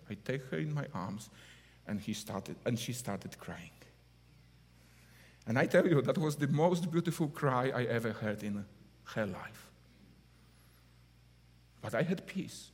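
Man preaching with lively swings. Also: medium pitch, a little slow, long pauses. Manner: heartfelt, broken English, swings from hushed to loud. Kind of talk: sermon. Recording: long hall reverb.

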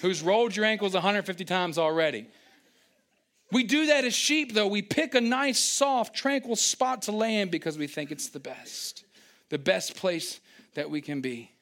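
Guy preaching a sermon, kinda high voice, acts stuff out, loud bursts then quiet asides. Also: moderate pace. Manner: animated, acts out little scenes with sudden high-pitched outbursts. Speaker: pastor.

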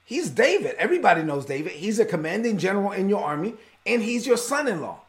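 A man's voice: sits high, big pitch swings, fast talker. A male preacher voicing a bewildered priest protesting his innocence to a king. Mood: indignant. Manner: protesting, exasperated.

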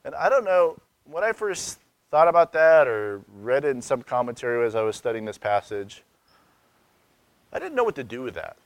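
A man's voice: mid-range voice, sing-song, normal speed, no echo. A man in his thirties preaching a sermon in a conversational, searching way, asking rhetorical questions and raising his voice for emphasis. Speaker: pastor.

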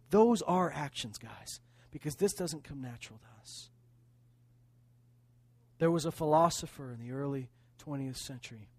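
Fervent preaching man, high-pitched voice. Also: expressive, normal speed, no echo, clean studio sound. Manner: preaching with sweeping swings between quiet and loud; repetitive, emphatic phrasing. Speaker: pastor. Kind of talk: sermon.

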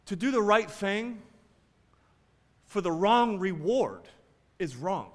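Man, pastor's sermon, high voice, swings loud and quiet, echoing church hall. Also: sing-song, takes it slowly, long pauses. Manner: dramatic swings from loud exclamations to quiet asides.

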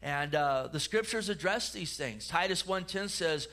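Bright-voiced man preaching a sermon. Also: high voice, expressive, a little slow. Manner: earnest, repeats words, frequent restarts. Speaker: pastor.

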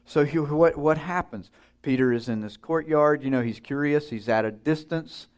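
A man's voice: on the high side, moderate pace, darkish tone, smooth. A man preaching a sermon in a conversational way, putting questions to his listeners and acting out the voices in a story he tells.

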